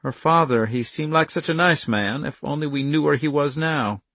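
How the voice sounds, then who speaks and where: A man voicing a worried, kindly middle-aged farm wife who speaks softly and anxiously. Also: fairly high pitch, normal speed, no room sound, pitched above the performer's own voice. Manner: soft, anxious, pleading.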